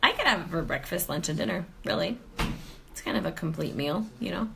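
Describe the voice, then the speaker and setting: A chatty woman hosting a live stream from her home, her fairly low voice rising and falling a great deal. Her tone is bright and forward, and she greets viewers one after another with quick laughs. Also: expressive, vocal fry, slight background noise. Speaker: host of a live sales stream. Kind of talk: casual live-stream chat. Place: home, near the kitchen.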